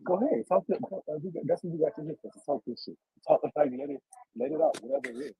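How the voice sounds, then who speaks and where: A man hosts a casual live stream with a dark, mellow tone and a very raspy, gravelly voice. He talks in a halting way, padding his questions with fillers as he urges his guest on. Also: on the high side, lively intonation, dry recording, low-quality recording. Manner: hesitant, full of fillers, encouraging. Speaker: livestream host and interviewer. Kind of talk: casual livestream interview.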